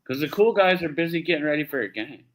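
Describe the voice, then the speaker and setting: A man's voice: a little high, lively intonation, fast talker. A man from the United States co-hosting a casual sports talk show, loose and profane, calling everyone dude and bro. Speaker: co-host.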